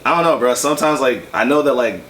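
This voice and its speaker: A man's voice: mid-range voice, lively intonation, a bit bright, slight background noise. A man casually telling a long, profane story about his music, full of fillers and asides. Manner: loose, profane, fast-moving anecdote with many fillers. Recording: distant mic with faint room ambience.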